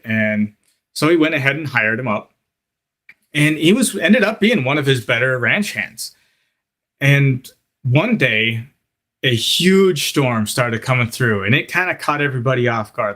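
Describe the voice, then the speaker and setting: A man's voice: on the high side, a bit bright. A man teaching a live lesson to kitchen workers, talking straight to them and telling stories with asides like "okay?" and "you know". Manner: storytelling, direct address with frequent "okay?" and "you know". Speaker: culinary instructor.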